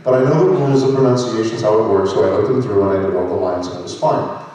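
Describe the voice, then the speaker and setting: A man in his sixties, a voice actor on a convention panel, telling lively anecdotes and self-mocking jokes into a handheld mic. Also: lowish voice, quick pace, lo-fi sound. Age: 60s. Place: large convention hall. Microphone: handheld microphone. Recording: echoey hall, voice from far off.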